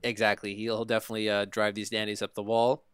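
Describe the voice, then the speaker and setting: A man with a smooth, resonant voice talks through a TV episode in relaxed podcast chat. The sound is dry and close, with no room around it. He keeps a friendly back-and-forth going and often asks "right?". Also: on the low side, fast talker, no echo. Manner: conversational, often seeks agreement with "right?". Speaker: podcast host recapping a TV show. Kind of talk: casual review chat.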